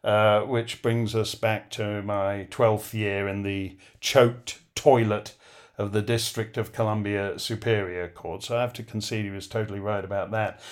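A man's voice: fairly low pitch, flat delivery, measured pace. A man hosting a radio show, talking in a wry, conversational monologue with chuckles and asides. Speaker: radio host. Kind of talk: spoken commentary monologue.

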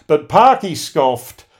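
A man hosting a radio show, talking in a wry, conversational monologue with chuckles and asides. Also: fairly high pitch. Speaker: radio host. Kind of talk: spoken commentary monologue.

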